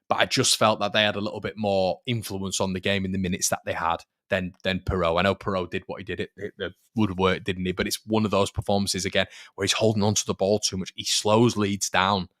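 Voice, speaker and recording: A man's voice: lowish voice, a bit bright, dry recording, studio quality. A man hosting a fan channel live stream, chatting casually about football, repeating phrases and reading out viewer comments.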